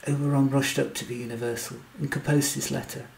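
A man reading a story aloud in steady scripted narration. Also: mid-range voice, fast talker, vocal fry, a little hiss or hum, poor audio. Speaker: audiobook narrator.

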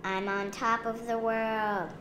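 A woman voicing an eager little girl polar bear playing superhero in a picture book, loud and bossy. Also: mid-range voice, animated, takes it slowly, roomy sound, background noise, voice pushed up. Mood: excited.

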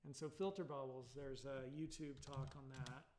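A man's voice: medium pitch, fairly even intonation, moderate pace, very noisy. A man with a Californian accent giving a casual recorded college lecture, rambling with many fillers and tag questions. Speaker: college instructor.

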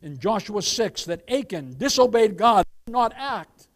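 Male pastor, high voice, emphatic sermon delivery, keeps asking for amens. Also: big pitch swings, measured pace. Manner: addresses listeners as "beloved", keeps asking for amens; emphatic preaching with scripture quotes.

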